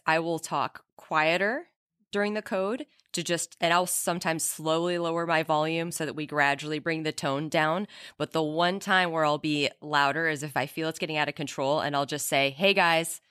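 A woman with a very low, smooth, resonant voice speaks calmly and steadily on a clinician panel. The recording is dry and close. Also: dry recording. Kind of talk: casual panel discussion.

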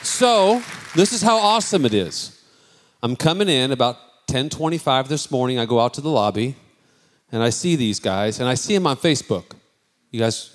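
A man pastor chatting casually with his congregation from the front, loose and spontaneous. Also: mid-range voice. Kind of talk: casual sermon talk.

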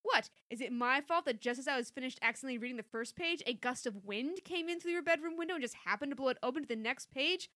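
A woman voicing an excitable, meddling middle-aged mother who gushes breathlessly and protests indignantly. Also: sits high, fast, few pauses, no room sound, studio quality.

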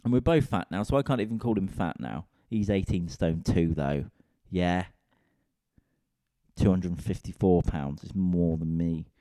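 Deep sweary man ranting casually. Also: unhurried, dark tone, no room sound, studio quality. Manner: rambling, sweary, self-mocking. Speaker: comedian and podcast host. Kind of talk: casual solo rant.

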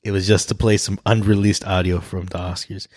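A man's voice: deep voice, little pitch movement, brisk, darkish tone, no echo, clean studio sound. A man hosting a casual podcast, laid-back and profane, often restarting his sentences. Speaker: podcast host.

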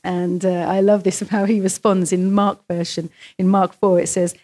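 A woman's voice: lowish voice, normal speed, warm tone. Woman, preacher, storytelling sermon, quotes people in their own voices. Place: church.

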